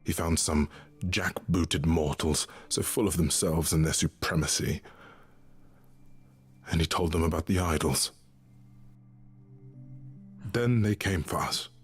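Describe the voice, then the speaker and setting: An actor playing a weary young male god of love in a video game, speaking in a heartfelt, halting way. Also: a bass voice, husky, soft background music, exaggerated voice. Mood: somber.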